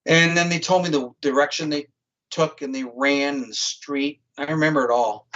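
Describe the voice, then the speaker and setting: A man with a voice pitched a little high tells a story in a casual, blunt way. He swears freely and describes things vividly. The sound is dull and lo-fi, like a streamed show. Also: fairly even intonation, normal speed, fairly bright tone. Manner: blunt and profane, vivid retelling. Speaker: guest, psychic criminal profiler.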